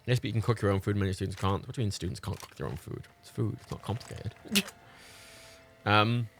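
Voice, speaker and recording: A man's voice: fairly low pitch, fairly even intonation, fast, gravelly, music in the background. A British man chatting on a live game stream, swearing and laughing in disbelief. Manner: sweary, exasperated, laughs often.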